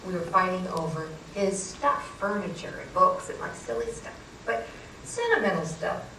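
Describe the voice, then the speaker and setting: A woman author telling a story to a live audience, animated and self-mocking. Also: lowish voice, a little hiss or hum. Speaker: author and speaker. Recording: roomy hall, distant mic, faint ambience.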